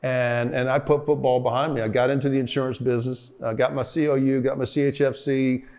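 The interviewee is an older man who once played football, and he wanders through memories with frequent fillers and false starts. His mid-range voice is flat, darkish and brisk.

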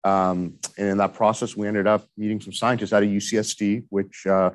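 Low-voiced man, measured and explanatory. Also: flat delivery, no room sound. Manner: measured, explanatory, with frequent fillers. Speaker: venture capital guest. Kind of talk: conversational interview.

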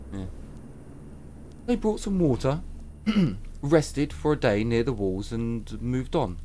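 A man's voice: medium pitch, mellow. A man reading a friendly village guard. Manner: easygoing, chatty. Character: friendly male villager guard, about thirty.

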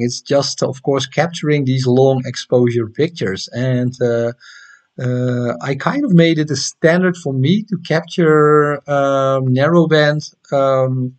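A man with a Dutch accent hosting an astronomy livestream, chatting casually and reading viewer comments with many hesitant ums and restarts. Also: medium pitch. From Netherlands.

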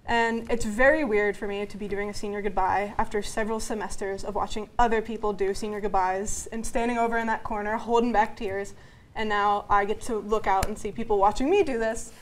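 A woman's voice: medium pitch, steady tone, a little fast, a little hiss or hum, rough recording. A young woman from a student TV show cast giving an earnest, emotional farewell speech. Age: young adult.

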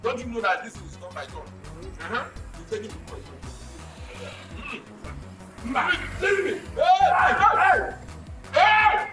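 A man's voice: extremely high pitch, wildly swooping pitch, takes it slowly, pauses often, music in the background, full character voice. A man with a Nigerian accent playing a boastful, rambling schemer who calls himself a master planner. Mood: shouting. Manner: boastful, rambling, bursts into shouting. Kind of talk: Nollywood film acting.

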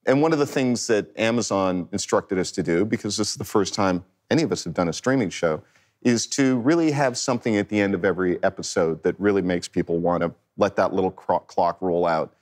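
A man with a lowish voice talks through his ideas in a measured way. He sounds like a guest on a discussion panel. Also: darkish tone.

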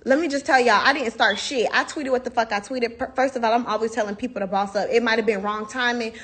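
A woman's voice: a little high, steady tone, fast, fairly bright tone, husky. A young woman ranting bluntly and profanely into her phone on a livestream. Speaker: livestream host. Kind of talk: heated casual livestream rant.

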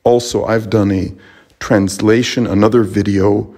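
Low gravelly man, slow and soft-spoken. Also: steady tone. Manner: unhurried, thoughtful, many fillers and restarts. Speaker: Latin teacher. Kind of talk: spoken lesson on pronunciation and meter.

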